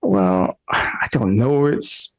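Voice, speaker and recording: A man voicing a hunched, masked man in black robes, a nervous errand-runner who talks in a halting, defensive way. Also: lowish voice, poor audio.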